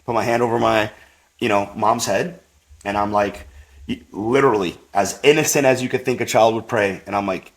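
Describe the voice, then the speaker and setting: A man, a podcast guest, tells a personal faith story in a rambling, animated way, with lots of fillers and acted-out quotes. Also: lowish voice, normal speed. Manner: rambling, full of "like" and "you know"; animated, acts out quoted voices.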